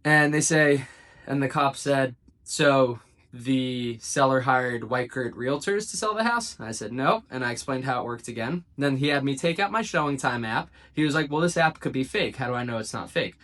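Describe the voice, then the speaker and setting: A man in an ordinary middle-register voice tells a personal story straight to his audience in a relaxed vlog style. He bounces between narration and acted-out quotes. He drops dry, sarcastic asides along the way. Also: mid-range voice, normal speed. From South Jersey, United States. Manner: animated retelling, acting out quoted dialogue with dry asides. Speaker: real estate agent. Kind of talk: casual storytelling to camera.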